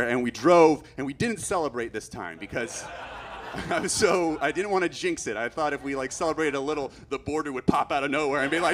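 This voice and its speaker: Storytelling stand-up comedian, rising to frantic. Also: male voice, medium pitch, a little fast, noisy background. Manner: rambling, gets loud and frantic acting out panic.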